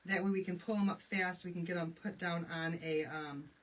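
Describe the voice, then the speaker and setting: A woman's voice: on the low side, fairly even intonation, normal speed, recorded from a distance, rough recording. Chatty woman hosting a craft livestream. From Michigan. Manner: chatty, laughs often, greets viewers by name. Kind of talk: casual live craft demonstration.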